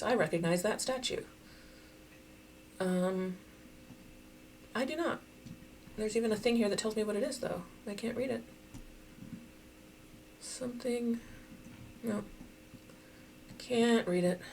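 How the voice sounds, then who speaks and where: A woman giving casual, chatty commentary while playing a geography guessing game, thinking out loud and laughing often. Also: medium pitch, a little hiss or hum. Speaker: game streamer.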